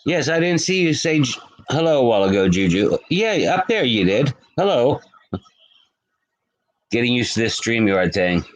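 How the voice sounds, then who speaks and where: A man's voice: medium pitch, sing-song, normal speed, low-quality recording. Chatty man greeting his live-stream viewers. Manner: chatty, greets viewers by name, rambling with restarts. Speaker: livestream host. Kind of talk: casual live-stream chat reading comments.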